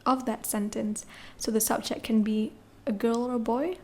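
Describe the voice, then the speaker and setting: Patient woman teaching French, slightly high voice. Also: fairly even intonation, moderate pace, darkish tone. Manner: patient, spells words letter by letter, checks with "okay?" and "right?". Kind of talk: classroom lesson explaining grammar.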